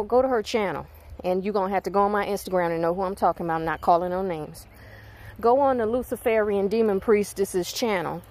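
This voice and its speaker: A spiritual channel host with a Southern US accent lets loose a heated rant at her viewers in a mid-range voice with a darkish tone. She comes across as blunt and emphatic, her speech packed with profanity.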